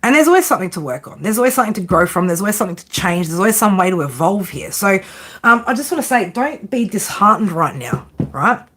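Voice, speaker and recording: A woman with an Australian accent gives a live tarot reading in loose, casual chat. Her voice sits at an ordinary middle pitch, and her delivery is blunt and sarcastic, with frequent swearing. She keeps tagging her lines with a quick "right?". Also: sing-song, a bit bright, husky. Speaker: tarot reader.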